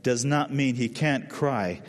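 A man preaching a sermon with feeling, dropping to a soft low voice at solemn moments. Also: slow pace, in a large hall. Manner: emotional, drops to soft low voice at solemn lines. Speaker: pastor.

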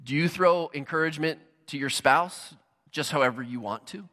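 A man with a high, bright voice preaching a sermon in a large church hall. He tells stories animatedly and acts out little bits of dialogue. His voice rings with long reverb from the hall. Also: moderate pace. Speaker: pastor.

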